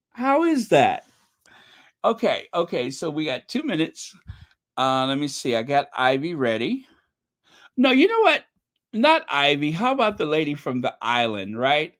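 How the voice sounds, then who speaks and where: A woman born on a Caribbean island hosts a live stream, talking slowly with lots of rise and fall in her voice. She is chatty and excitable, thanking viewers as she goes. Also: low voice. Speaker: livestream host. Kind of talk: casual livestream chat.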